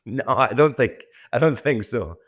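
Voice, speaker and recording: A man's voice: mid-range voice, animated, normal speed, a bit bright, husky. A Scottish man in his sixties, a podcast guest who answers in rambling, self-deprecating stretches and restarts his sentences often. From Scotland. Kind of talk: podcast interview.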